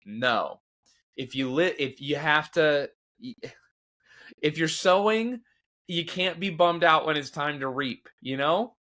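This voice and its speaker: A man's voice: fairly high pitch, a little slow, fairly bright tone. A man hosting his own show, talking candidly and a bit ramblingly about grief and faith, self-deprecating, with lots of fillers and restarts. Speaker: podcast host.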